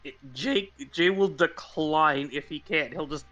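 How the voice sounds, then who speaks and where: A man playing in a tabletop game, quick and joking in manner, heard through dull lo-fi sound. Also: a little high, sharp tone. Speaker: player. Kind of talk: casual tabletop game play.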